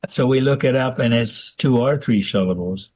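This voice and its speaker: A man's voice: medium pitch, normal speed, a little mellow, low-quality recording. A man from a haiku group, explaining syllable disputes with some hesitation. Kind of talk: casual group interview.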